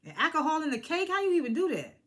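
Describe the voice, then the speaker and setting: A young woman vlogging a casual reality TV recap, animated and slangy, laughing as she acts out what the cast said. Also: sits high, fast talker. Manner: animated, laughing, slangy retelling with acted-out quotes. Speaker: reality TV reviewer.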